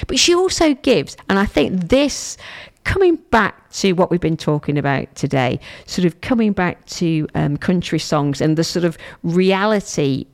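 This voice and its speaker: A woman's voice: on the low side, big pitch swings, unhurried. A middle-aged woman hosting a radio show in the studio, chatting in a rambling way that often repeats itself and restarts. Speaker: radio host. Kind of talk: casual radio chat.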